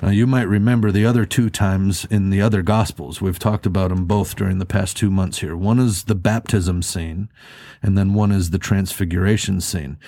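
Male pastor, low mellow voice, dry close sound, earnest conversational sermon delivery. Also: steady tone, moderate pace, no room sound. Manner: earnest, conversational preaching with rhetorical questions.

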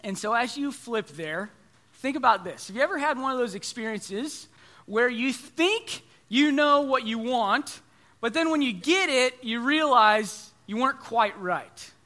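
A man's voice: very high voice, animated, unhurried, sharp tone. A man in his thirties preaching a sermon, telling stories in a conversational, self-deprecating way.

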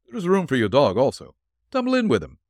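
A man voicing a shrewd, courteous detective who speaks calmly, firmly and politely, read for a storybook. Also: fairly high pitch, fast, no echo, clean studio sound, pitched above the performer's own voice, heavily acted. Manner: calm, firm and polite.

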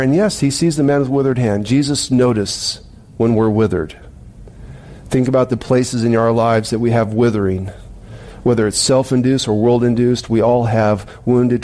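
A male pastor preaching a sermon in a church, retelling scripture in slow, emphatic phrases. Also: medium pitch, darkish tone. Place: church sanctuary.

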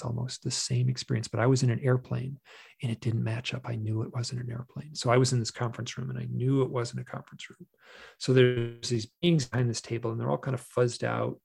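A man, a podcast guest and author, telling a personal story in a casual, animated way, often restarting his sentences. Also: medium pitch, vocal fry, husky. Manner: animated, emotional retelling with many restarts. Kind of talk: conversational storytelling.

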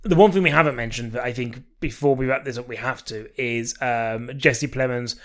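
A man co-hosting a podcast, easygoing and quick to laugh, with a lot of "um"s in casual chat. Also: mid-range voice, fairly bright tone. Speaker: podcast co-host. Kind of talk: casual film-review chat.

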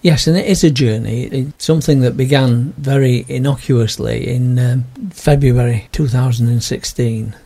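An older man, telling his personal story in an interview in a gentle, earnest way. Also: medium pitch, steady tone, normal speed, vocal fry, hardly any pauses, husky. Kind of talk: reflective personal testimony.

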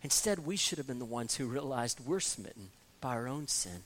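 A man's voice: mid-range voice, sing-song, moderate pace, a bit bright. A man preaching an expository sermon, earnest, often repeating words as he restarts and rising to emphatic peaks. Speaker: pastor.

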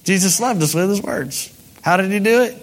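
A man preaching a sermon in a conversational, animated storytelling manner. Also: high voice, normal speed, vocal fry. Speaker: pastor.

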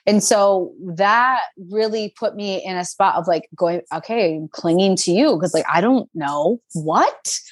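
A woman in her twenties telling a personal story in a casual, animated, chatty way, full of fillers. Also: medium pitch, unhurried, few pauses, no echo.

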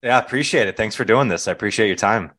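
A man hosting a podcast interview in a relaxed, casual way. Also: on the low side, very fast. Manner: relaxed, laid-back with fillers. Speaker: podcast host.

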